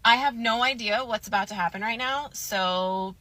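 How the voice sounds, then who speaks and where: Bright, animated woman telling a story. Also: on the high side, moderate pace. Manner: animated, candid, drops casual swearing. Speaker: storytime vlogger. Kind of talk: casual storytime monologue.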